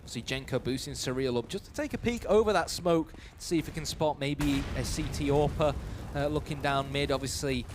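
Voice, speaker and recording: A man giving live esports play-by-play commentary, building to shouts on big plays. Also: on the high side, brisk, few pauses, noisy background.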